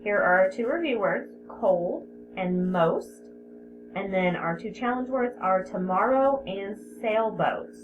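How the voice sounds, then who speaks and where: A woman's voice: medium pitch, takes it slowly, faint music behind. A woman teaching a spelling lesson to young children, patient, sounding out words and repeating them. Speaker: elementary school teacher. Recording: tinny phone-like audio with steady background hiss.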